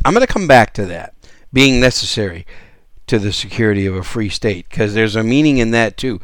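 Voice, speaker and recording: A man's voice: medium pitch, very animated, a little fast, clear, resonant tone, dry recording, studio quality. A man hosting a solo podcast, talking in an enthusiastic, conversational way with frequent restarts. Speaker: podcast host.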